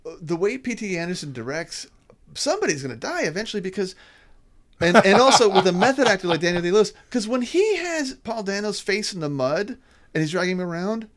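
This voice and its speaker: A man co-hosting a podcast, chatting casually about films, animated and prone to swearing and trailing off. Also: high-pitched, a little fast. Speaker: podcast co-host. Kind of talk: casual film chat.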